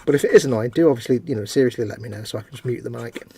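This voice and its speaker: Co-hosting a laid-back live stream, this man from the United Kingdom cracks jokes and reads chat messages aloud. He talks at a racing pace in a mid-range voice, and the recording is very noisy.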